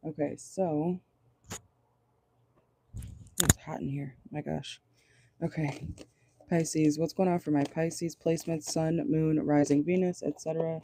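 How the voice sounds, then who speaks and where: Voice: medium pitch, dark tone, slight background noise. A tarot reader giving a casual channeled reading from a car, talking bluntly, swearing and laughing often. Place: parked car.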